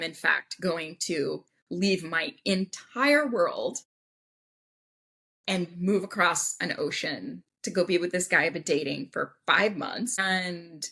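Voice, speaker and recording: A woman guest on a podcast, telling a personal story in an animated way and acting out the voices of people she quotes. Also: fairly low pitch. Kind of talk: casual storytelling interview.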